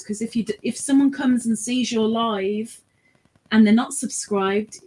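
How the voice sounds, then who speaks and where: A woman's voice: mid-range voice, darkish tone. A woman co-hosting a livestream who teases the host and prods her with questions. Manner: teasing, prodding interviewer. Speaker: co-host prompting the host. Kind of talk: casual live-stream chat.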